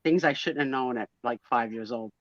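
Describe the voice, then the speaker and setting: A woman's voice: rumbling low, a little fast, no room sound. A middle-aged woman co-hosting a live online sale, chatting bluntly and teasing in a casual way. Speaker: co-host on a live photo sale stream. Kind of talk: casual chat. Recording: dull, lo-fi sound.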